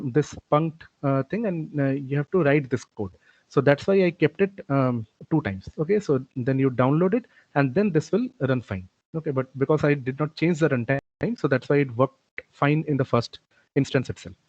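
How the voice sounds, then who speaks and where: A man's voice: fairly high pitch, a little mellow, no echo. A man giving a recorded programming lecture, explaining step by step with frequent "okay" and "uh" fillers. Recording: dull, lo-fi dry recording.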